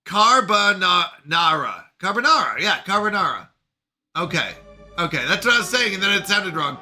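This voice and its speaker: A Canadian man hosting a casual live stream, chatting and joking as he reads viewers' messages aloud. His voice sits high for a man and sounds very bright and forward. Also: sing-song, a little fast, faint music behind. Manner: playful, chatty, reads chat messages aloud, jokes about pronunciation. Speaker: live streamer reading chat.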